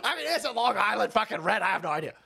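A California livestreamer rants profanely about politics in a high, sing-song voice that is husky, pushed, and bright, with vocal fry. He talks fast, swearing often while he laughs and mocks.

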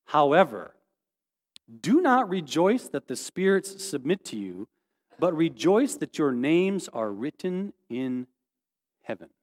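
A man preaching a sermon, his fairly high voice jumping all over as he acts out voices and quizzes the congregation. The sound rings with a long reverb, as if from a church hall. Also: slow pace. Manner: animated, acts out quoted voices, asks the congregation questions. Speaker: pastor.

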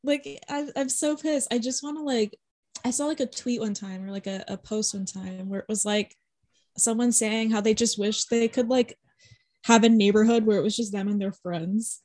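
A woman's voice: a little high, fairly even intonation, moderate pace, mellow. A young woman co-hosting a podcast, chatting casually and gushing, laughing often and filling her talk with "like". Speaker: podcast co-host. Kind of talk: casual chat.

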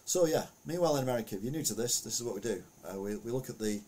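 A man's voice: medium pitch, expressive, racing, darkish tone, slight background noise. A man giving a casual, rambling commentary on the week's news, full of anecdotes and asides.

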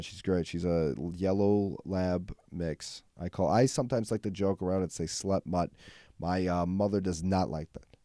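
Young male podcast host, low mellow voice, rambling and profane, dry close recording. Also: no echo. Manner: rambling, profane, heavy on fillers. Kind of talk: casual comedic monologue.

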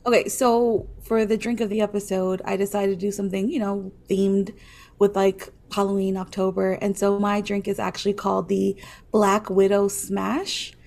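A woman's voice: mid-range voice, level tone, normal speed, creaky, a little mellow. A woman co-hosting a podcast, chatting in a hesitant, rambling way full of fillers. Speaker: podcast co-host. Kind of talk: casual chat.

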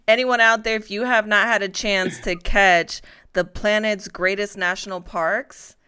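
A woman's voice: medium pitch, steady tone, measured pace, bright, forceful tone, clean tone. A woman hosting a casual talk show, chatty and laughing often as she reads headlines.

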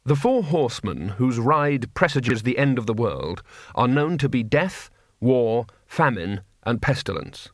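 Male audiobook narrator, wry and expressive, lively pitch, dry booth sound. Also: measured pace, no echo.

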